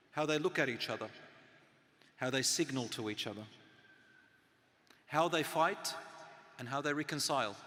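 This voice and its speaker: A middle-aged man delivers an earnest sermon, his bright voice ringing through a reverberant hall. He swings from loud emphasis down to soft, hushed tones. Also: fairly high pitch. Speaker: Islamic lecturer.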